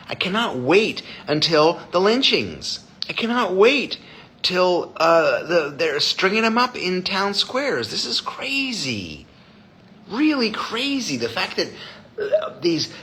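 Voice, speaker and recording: A man's voice: on the high side, sharp tone, a little hiss or hum. A man hosting a live stream as a designer, chatting casually with viewers in a blunt, profane way.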